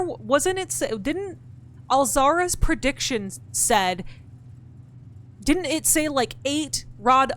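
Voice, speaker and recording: On the high side and fairly bright, a woman's voice streams a puzzle game while she thinks out loud. She answers her chat, talks back to the characters, and lets out frustrated swearing in this live gameplay chat.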